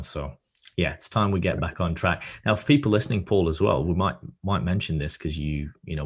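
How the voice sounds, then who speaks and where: A man's voice: deep voice, husky. A man hosting a podcast, chatting casually and upbeat with a remote guest. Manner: upbeat, chatty host patter. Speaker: podcast host. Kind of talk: casual interview chat.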